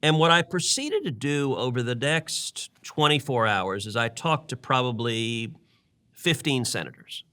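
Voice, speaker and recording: A senator co-hosting a political podcast tells a long story earnestly, often repeating words as he builds his point. His mid-range voice is bright and forceful, with big pitch swings and a measured pace, in a casual political conversation.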